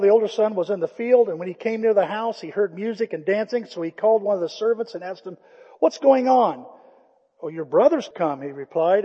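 A man preaching a sermon, retelling a story with lively acted-out dialogue and dropping to a hushed voice for emphasis. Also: high-pitched, slightly rough. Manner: storytelling, swings from loud animated retelling to hushed quiet emphasis. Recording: muffled, long-reverb hall recording.

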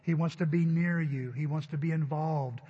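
Middle-aged guy preaching, husky voice, bit high, long echo in a church, dull sound. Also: fairly even intonation, normal speed. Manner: storytelling, conversational preaching. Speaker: pastor. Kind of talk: sermon. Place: church sanctuary.

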